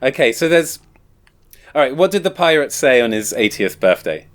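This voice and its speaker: A man's voice: medium pitch, big pitch swings, moderate pace. A man guest on a podcast, chatting casually, laughing often and trading jokes. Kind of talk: casual conversation about comedy.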